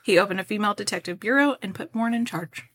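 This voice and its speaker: A woman from Kentucky co-hosting a podcast, reading a history story and breaking into lively chat and laughter. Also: medium pitch, rapid-fire. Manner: animated, laughs often. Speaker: podcast co-host.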